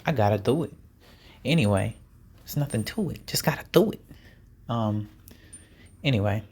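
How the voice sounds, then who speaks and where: A man's voice: lowish voice, lively intonation, moderate pace, a little mellow, husky. A man hosting his own podcast in a casual, playful way, talking straight to his listeners with jokey asides. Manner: jokey asides with laughs and sighs. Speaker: podcast host. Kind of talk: casual solo podcast chat.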